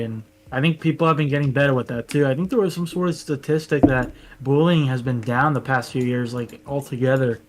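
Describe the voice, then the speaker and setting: A man's voice: mid-range voice, low-quality recording. A young man co-hosting a casual podcast, talking earnestly and rambling a bit. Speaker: podcast co-host. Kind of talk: casual chat.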